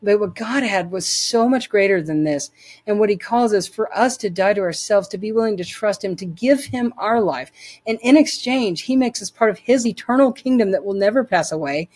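A woman's voice: mid-range voice, animated, moderate pace, a little mellow. A woman telling her personal faith story as an interview guest, earnest and emphatic, often repeating words as she restarts.

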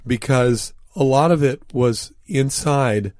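A man's voice: mid-range voice, slow pace, darkish tone, dry recording, clean studio sound. A man, an author and interview guest, telling anecdotes in an earnest, reflective way. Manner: reflective, earnest, recounts dialogue.

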